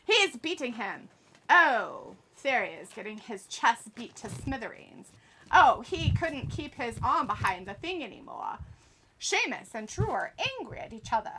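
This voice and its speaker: A woman's voice: on the high side, very animated, moderate pace, bright, forceful tone, slight background noise. A woman hosting a wrestling watch-along stream, commenting playfully, teasing people and calling them darling. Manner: teasing, calls people darling, giggly asides. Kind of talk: playful live commentary and chat reading.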